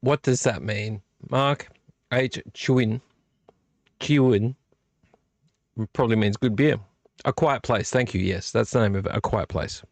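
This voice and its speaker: A man's voice: on the low side, moderate pace, no room sound. A man hosting a late-night live stream, tipsy from drinks and rambling off on tangents while chatting to viewers. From Australia. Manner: rambling, digressive, talking to chat. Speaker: vlog host.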